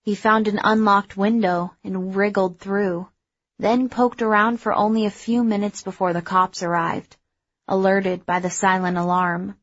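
A woman narrating a first-person story in a measured, even way. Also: medium pitch, no echo, muffled recording. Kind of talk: audiobook narration.

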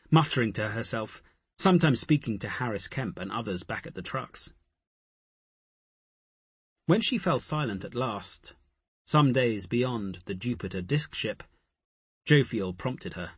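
Slow husky male audiobook narrator. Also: on the low side, dry recording. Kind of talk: scripted narration.

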